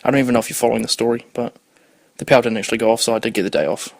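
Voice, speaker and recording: A young man in his twenties hosts a casual podcast, rambling through his week and swearing freely as he loses his thread. His voice sits at an ordinary middle pitch. The sound is dry and close, with no room around it. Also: steady tone, rapid-fire, gravelly, no echo. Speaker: podcast host.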